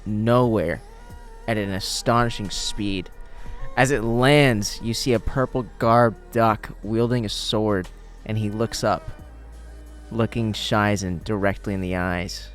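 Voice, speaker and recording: A man running a tabletop game in a slow, relaxed, casual way. His voice sits fairly low, and his narration is unhurried and full of jokes. Faint music plays in the background. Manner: laid-back, laughing, swearing. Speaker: game master.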